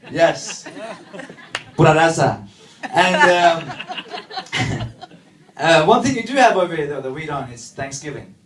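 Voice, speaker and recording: Man doing stand-up, lively. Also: a little high, slow, long pauses, distant mic, noisy background. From Sweden. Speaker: stand-up comedian. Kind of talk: stand-up comedy set. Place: comedy club stage. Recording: echoey club mic from afar, crowd laughter. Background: audience laughter.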